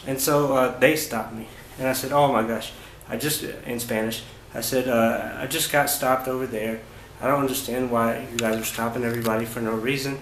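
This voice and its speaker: A man's voice: mid-range voice, fairly bright tone. Roomy-sounding man telling a travel story. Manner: halting, many fillers and restarts. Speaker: travel vlogger. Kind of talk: casual first-person storytelling. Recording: roomy echo with faint ambient noise.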